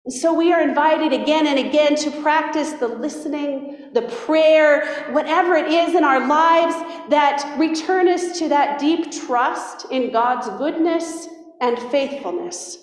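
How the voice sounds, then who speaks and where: High-voiced woman preaching in an echoey hall. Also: unhurried. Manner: warm conversational preaching with self-deprecating asides. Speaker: pastor. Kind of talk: sermon. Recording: very echoey hall, long reverb.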